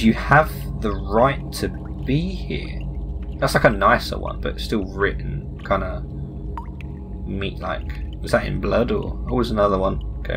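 A man's voice: mid-range voice, a bit bright. A young man doing let's play commentary on a game, asking puzzled running questions and reading the characters' lines aloud. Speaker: gaming YouTuber.

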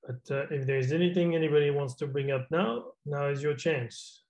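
A man's voice: a little high, moderate pace, a little mellow, poor audio. A man chairing a video-call meeting in an easygoing, chatty way, with hesitant fillers. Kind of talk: casual meeting talk.

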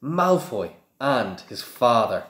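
A man's voice: medium pitch, sing-song, slow pace, fairly bright tone. An earnest young wizard schoolboy explains himself in a raised, slightly flustered voice, as a man reads him aloud. The storybook voice rings in an echoey room.

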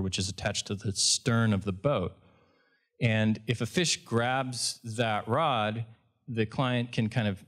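Fishing guide guy telling a story on stage, lower voice, keeps restarting his sentences. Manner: conversational, with frequent restarts and self-corrections. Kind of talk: storytelling at a live event.

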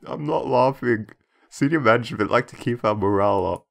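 A young man with a slightly low voice talks casually over a game he is playing. He is chatty and jokey, reads the on-screen text aloud, and holds back laughter as he goes. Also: normal speed, creaky, fairly bright tone. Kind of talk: casual gameplay commentary.

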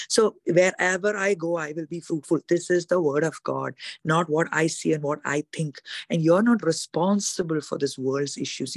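A woman preaching a fast, emphatic sermon at a women's conference. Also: sits low, creaky, dry recording, studio quality. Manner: fast, emphatic, acts out quoted voices.

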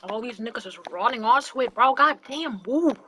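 A woman gamer giving live gameplay commentary, excitable and full of swearing and exclamations. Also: on the high side, normal speed, slight background noise. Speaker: gamer playing online with a partner.

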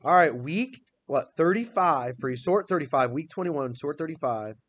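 A man's voice: fairly high pitch, lively intonation, moderate pace, a bit bright, dull audio. A male teacher leading a classroom phonics lesson, patiently spelling words out letter by letter and quizzing students by name.

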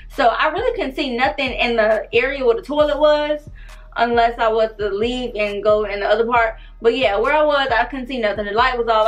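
A young woman telling a wild story to her viewers in a casual, animated, profane way. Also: on the high side. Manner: animated, profane, addresses viewers as girl and bitch. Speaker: vlogger.

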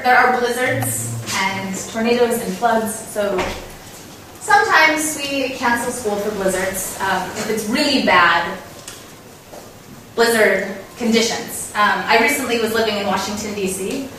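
A woman's voice: on the high side, a bit bright, a little hiss or hum. A young woman from North Dakota giving a casual talk to an audience, chatty, often asking questions and laughing. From North Dakota, USA. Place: lecture room with audience. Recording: echoey hall, mic at a distance.

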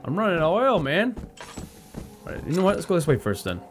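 Jumpy, cursing gaming man with wild pitch swings. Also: big pitch swings, quick pace. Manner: profane and jumpy, with sudden high yelps. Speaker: gaming video host. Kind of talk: let's-play commentary. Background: horror game music.

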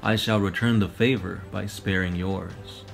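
A battle-worn armored soldier, terse and guarded, with a raspy, gravelly voice, read by a man. Faint music sits underneath. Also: low voice, fairly even intonation, unhurried. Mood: wary.

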